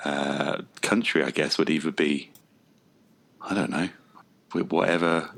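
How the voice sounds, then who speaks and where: A man's voice: rumbling low, fairly even intonation, a little slow, creaky, fairly bright tone. A man with an English Midlands accent chatting casually on a podcast and laughing easily. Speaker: podcast co-host. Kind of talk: casual chat.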